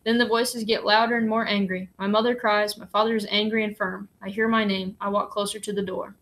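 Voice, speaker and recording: Woman reading a novel aloud gently. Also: medium pitch, little pitch movement, a little fast, a little hiss or hum. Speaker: audiobook reader.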